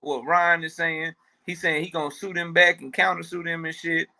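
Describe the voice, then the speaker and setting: A man's voice: on the high side, flat delivery, normal speed, vocal fry, bright, forceful tone. A man co-hosting a casual boxing talk show, speaking loosely with profanity and fillers.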